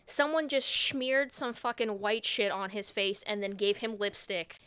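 A woman's voice: mid-range voice, measured pace, pushed and bright, smooth, no echo. A woman co-hosting a casual podcast, retelling a film in a rambling, sweary way and laughing often. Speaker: podcast co-host.

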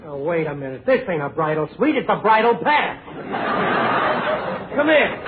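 An actor playing a bumbling young groom in a 1930s radio comedy sketch, wisecracking and slipping into baby talk. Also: male voice, fairly high pitch, very animated, moderate pace, narrow, tinny audio. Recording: scratchy 1930s radio broadcast with loud studio audience.

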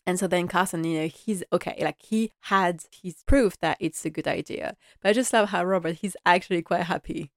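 A woman talks through an episode in a casual, chatty recap, acting out the characters' lines with animation. Her voice sits a little low, and the sound is dry with no room echo. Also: a little fast, few pauses. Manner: chatty and animated, acting out quotes, laughing often. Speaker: show recap vlogger.

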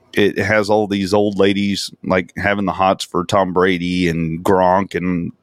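Low-voiced profane man in casual chat. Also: no room sound, studio quality. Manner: profane, mocking, launches into goofy impressions. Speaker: podcast co-host.

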